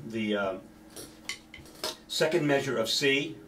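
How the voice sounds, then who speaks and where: Male drum teacher, mid pitch, talks through a snare solo and counts beats, loud clattering noise behind. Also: animated, slow pace. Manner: counts beats aloud, stops to correct himself.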